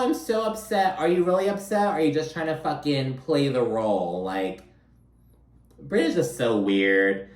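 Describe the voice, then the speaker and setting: A man giving a casual, profane recap of a reality TV episode, full of "like" fillers and sarcastic mock quotes. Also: medium pitch. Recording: roomy echo, a bit off-mic.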